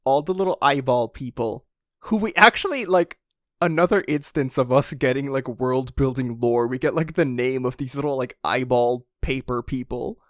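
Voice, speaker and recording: A man co-hosting a podcast in casual chat, excitable, laughing often and swearing casually. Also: mid-range voice, normal speed, no echo, clean studio sound. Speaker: podcast co-host.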